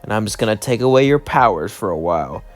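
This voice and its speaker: A man reading a weary fallen-angel king and father, speaking low and soft in a matter-of-fact way. Firm underneath, without raising his voice. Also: lively intonation, quick pace, faint music behind, close to an everyday voice.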